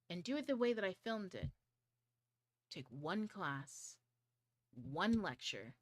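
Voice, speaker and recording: A woman's voice: fairly low pitch, no room sound. A woman hosting an online study group livestream, talking in a chatty way with frequent swearing and a few whispered asides. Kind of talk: casual livestream talk.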